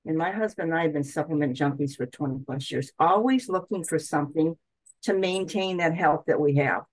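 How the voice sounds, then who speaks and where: A middle-aged woman with a somewhat low voice, sharing her own experience as a guest doctor on an interview show. She tells it as a story and livens up when she quotes other people. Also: a little fast, poor audio. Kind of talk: personal testimony in an interview.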